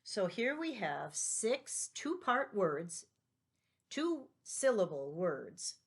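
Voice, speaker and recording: A woman's voice: mid-range voice, big pitch swings, very slow, breathy edge. A middle-aged woman teacher giving a patient spelling lesson for young children, spelling words out letter by letter.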